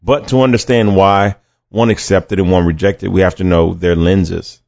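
A man's voice: sits low, fairly even intonation, moderate pace, gravelly, darkish tone. A man teaching a conversational sermon for a podcast, reading scripture and acting out quoted voices, often repeating words as he goes. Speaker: podcast preacher. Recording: dull lo-fi dry recording.

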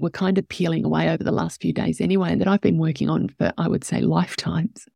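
A woman's voice: sits low, steady tone, quick pace, creaky, few pauses, mellow, dry recording, studio quality. A woman hosting a podcast, telling a personal story in an emotional, candid way and growing teary as she talks. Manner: emotional, tearful at moments, candid with swearing. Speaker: podcast host.

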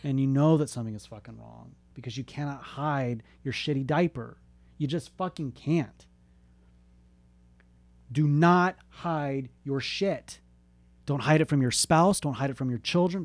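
A man's voice: a little high, animated, normal speed, no room sound. A man in his thirties talking bluntly and with lots of swearing, urging listeners to be open and ask for help. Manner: profane, blunt, impassioned. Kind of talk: candid motivational talk.

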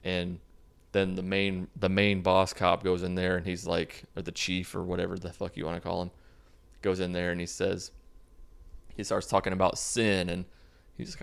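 Low, gravelly man with a sarcastic recap. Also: normal speed. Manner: sarcastic, deadpan asides, swears freely. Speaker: video host recapping a movie. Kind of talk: casual sarcastic movie recap.

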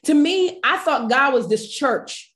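A woman guest on a podcast, telling a personal faith story in an animated, emotional way and addressing listeners directly. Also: high-pitched, measured pace. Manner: animated, emotional, acts out quoted voices.

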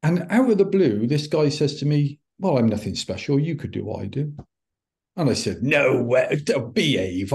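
A middle-aged man, a podcast guest, telling a personal story in an animated way and acting out the dialogue. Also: mid-range voice, normal speed, vocal fry. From United Kingdom. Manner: animated, acts out quoted dialogue. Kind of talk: anecdotal storytelling.

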